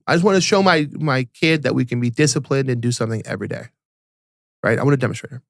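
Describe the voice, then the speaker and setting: A man co-hosting a casual podcast, telling stories animatedly and acting out quotes in a higher voice, often repeating and restarting words. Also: fast talker, gravelly, dry recording, clean studio sound. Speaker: podcast co-host.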